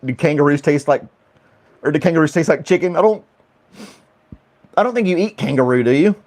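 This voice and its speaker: A man's voice: fairly high pitch, fairly quick, a little mellow. A man hosting a casual chat stream, laughing often and rambling through questions to his viewers. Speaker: livestream host reading chat.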